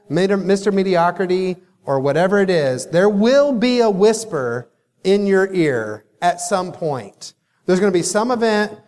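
A man giving a motivational keynote speech, emphatic, telling stories with dramatic pauses, in a large hall. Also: high voice, a little mellow. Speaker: keynote speaker. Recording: long hall reverb.

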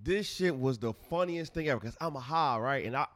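A man's voice: mid-range voice, expressive, normal speed, a bit bright, dry recording. A man co-hosting a podcast, telling loose, profane stories in casual chat. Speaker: podcast co-host.

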